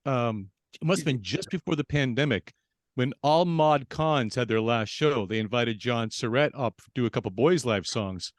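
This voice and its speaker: A man's voice: medium pitch, moderate pace, no echo. A man who plays saxophone in a band, chatting casually and making dry, wry remarks over a video call. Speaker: saxophonist, guest. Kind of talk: casual chat.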